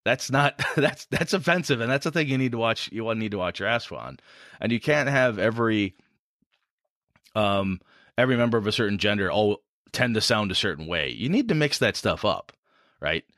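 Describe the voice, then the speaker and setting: A man's voice: fairly low pitch, animated, moderate pace, a bit bright, no room sound, clean studio sound. A man with a Midwestern American accent hosting a casual podcast chat about running tabletop games, rambling with restarts. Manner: rambling, restarts, frequent laughs. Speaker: podcast host and game master.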